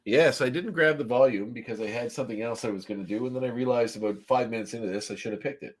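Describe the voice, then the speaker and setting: A man's voice: medium pitch, quick pace, noisy background. A Canadian man from Nova Scotia co-hosting a podcast, talking casually with lots of ums and restarts. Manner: rambling, many fillers and restarts. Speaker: podcast co-host. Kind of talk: casual chat.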